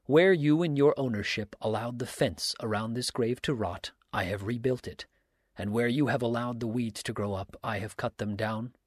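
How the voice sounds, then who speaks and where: A man reading aloud, voicing a stern, upright countryman who speaks in a measured, severe way. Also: medium pitch, dry recording, clean studio sound, lightly acted.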